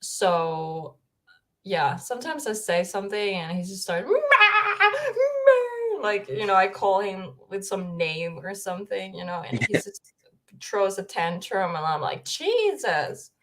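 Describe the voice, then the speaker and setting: A woman's voice: medium pitch, very animated, slow pace, a bit bright. A young woman from Finland hosting a casual livestream from her home, chatting at her desk mic in a giggly, rambling way. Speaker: streamer host.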